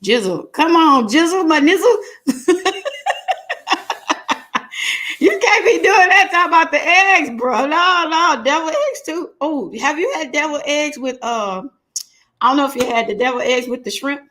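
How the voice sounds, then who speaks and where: High-voiced, joking woman host. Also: normal speed, pauses often. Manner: animated, joking, laughs often. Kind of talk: casual chat.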